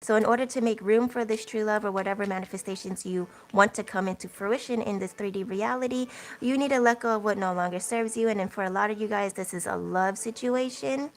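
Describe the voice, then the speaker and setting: A young woman hosts a casual tarot livestream. Her voice has a gravelly, fry-laced edge at a mid pitch. She rambles warmly through the chat with plenty of filler words and little laughs. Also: brisk. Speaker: tarot reader.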